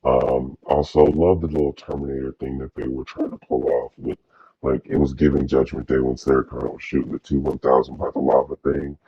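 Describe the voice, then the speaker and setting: A man's voice: extremely low pitch, flat delivery, fairly quick, slight background noise. A man co-hosting a TV review in casual chat, sassy and rambling, with lots of fillers. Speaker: co-host of a TV review show. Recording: dull, dry lo-fi mic.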